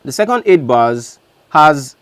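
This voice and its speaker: A man's voice: on the high side, animated, takes it slowly, a bit bright, clear, resonant tone, no echo. A man, a music producer, casually walking through how he built a beat, talking loosely and correcting himself as he goes. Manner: chatty, loose, self-correcting. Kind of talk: casual beat breakdown walkthrough.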